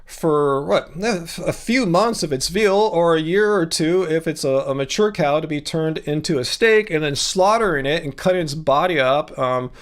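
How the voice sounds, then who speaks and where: A man chatting through a livestream, answering viewers with deadpan sarcasm and frequent halting restarts. His voice sits high for a man, and he talks casually with no scripted polish. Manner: sarcastic, deadpan mock agreement. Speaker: livestream host.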